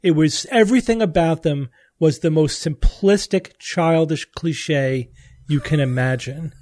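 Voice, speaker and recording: A man hosting a podcast in casual chat, giving blunt opinions. His voice sits somewhat high for a man. The sound is dry and close, with no room sound. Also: unhurried, darkish tone, dry recording. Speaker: podcast host.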